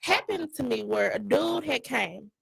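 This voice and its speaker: Gravelly, husky woman telling a blunt story. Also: fairly high pitch, a little slow, rough recording. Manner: blunt, animated, profane. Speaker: podcast co-host and dog breeder. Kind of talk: casual storytelling.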